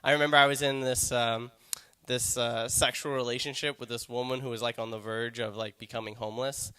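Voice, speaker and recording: A man's voice: medium pitch, level tone, brisk, pushed and bright, clear, resonant tone. A man doing a stand-up comedy set, rambling and self-mocking with many fillers.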